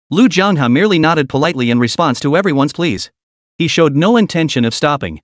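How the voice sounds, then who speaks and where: A man narrating a game fantasy story in an even scripted storytelling manner, voicing the quotes only lightly. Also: on the high side, a little fast, no room sound, studio quality.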